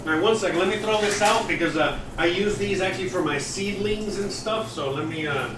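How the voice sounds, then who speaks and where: A man's voice: high-pitched, fairly quick. A man hosting a casual live cooking demo, chatty and easily distracted as he talks while he works in his home kitchen. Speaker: cooking show host. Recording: roomy echo, mic far off, background noise.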